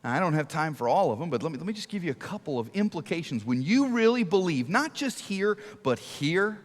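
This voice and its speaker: A middle-aged man preaching a sermon to a church, telling stories and asking rhetorical questions, sometimes dropping to a hush for emphasis. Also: a little high, big pitch swings, brisk. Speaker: guest preacher. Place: large church auditorium. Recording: long reverb of a large hall.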